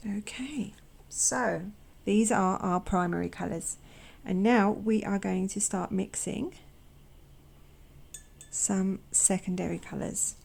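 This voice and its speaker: A woman narrates her painting in an unhurried, casual way. Her voice is mellow, with a gravelly edge, and she often eases into a soft half-whisper. She adds little self-deprecating remarks as she goes. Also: mid-range voice. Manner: gentle and chatty, drops to a soft near-whisper. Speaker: watercolor artist and channel host.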